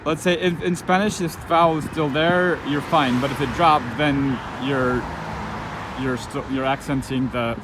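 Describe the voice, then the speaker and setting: A man giving an informal spoken lesson, thinking aloud as he goes, with halting restarts and frequent fillers. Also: medium pitch, fairly even intonation, background noise. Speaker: language teacher.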